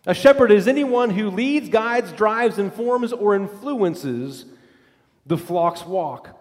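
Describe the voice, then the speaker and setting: A man preaching a sermon as pastor, with an emphatic, repetitive cadence that drops low and soft for scripture. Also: lively intonation, slow pace. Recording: long reverb of a large hall.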